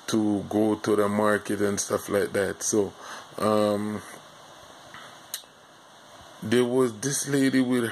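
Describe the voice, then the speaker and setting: A Jamaican man drawls through a casual storytime monologue, slow and rambling, with plenty of filler words. His voice is gravelly and sits low and flat. A faint hum of noise sits under the recording. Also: rough recording. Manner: rambling, halting delivery full of "you know" fillers.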